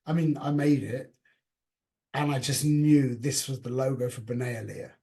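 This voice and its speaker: A man teaching an informal class in a lively, conversational way, often restarting his sentences and sprinkling in Yiddish and Hebrew terms. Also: mid-range voice, moderate pace.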